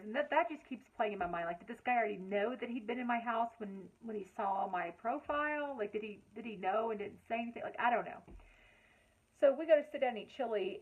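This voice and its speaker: A woman telling a personal story in a casual, chatty vlog, with lots of fillers and an animated way of retelling conversations. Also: on the high side, narrow, tinny audio. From Lexington, Kentucky. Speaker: vlogger.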